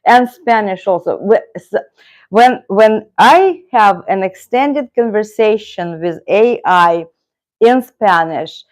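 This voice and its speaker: A woman with a Russian accent hosts a casual livestream chat, greeting viewers by name in a chatty way. Her voice sits at a medium pitch with a darkish tone.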